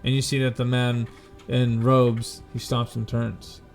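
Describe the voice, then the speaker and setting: A man runs a tabletop game, narrating each scene in unhurried, deliberate detail at a middle pitch. He pauses often and corrects himself as he goes, with faint music playing behind him. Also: monotone, vocal fry. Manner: slow, descriptive, with fillers and self-corrections. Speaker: game master.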